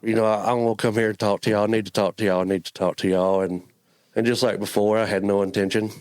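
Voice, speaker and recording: A man with a drawl shares his faith story in an earnest, halting way, often stumbling over and repeating his words. His voice sits fairly low and he sounds close to tears. It is heartfelt testimony, told as an interview guest. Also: little pitch movement, darkish tone, clear, resonant tone. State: emotional, near tears. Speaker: church member guest.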